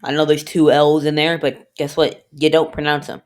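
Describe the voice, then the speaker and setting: A woman's voice: low voice, little pitch movement, moderate pace. A woman casually narrating a home cooking video, joking to herself and filling gaps with "anyway". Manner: rambling, jokey, keeps saying "anyway"; talks to self and the viewer.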